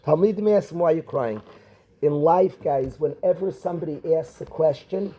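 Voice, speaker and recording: A middle-aged rabbi, teaching a class of students and calling on them by name with questions. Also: male voice, a little high, normal speed, mellow, slightly rough, low-quality recording. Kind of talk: Torah class.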